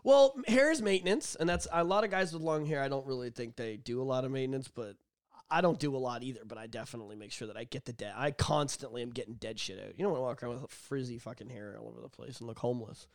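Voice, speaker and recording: A man's voice: mid-range voice, fast, dry recording, studio quality. A young man co-hosting a podcast in casual chat, crude and teasing, laughing often. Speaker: podcast co-host.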